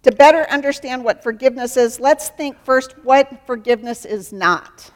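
A woman's voice: sits high, normal speed, big-room sound. A woman giving an earnest sermon as a Christian counselor, acting out dialogues to teach.

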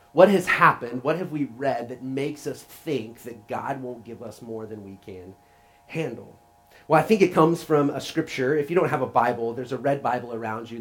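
Earnest conversational man preaching. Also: mid-range voice. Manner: conversational, earnest, with frequent restarts. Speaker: pastor. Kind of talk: sermon.

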